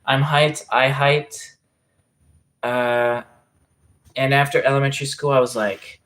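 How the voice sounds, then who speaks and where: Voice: mid-range voice, level tone, takes it slowly, pauses often, fairly bright tone. A livestreamer chatting casually and reading out chat messages, rambling with many restarts and frequent swearing. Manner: rambling, self-interrupting, reacting to chat messages; swearing freely.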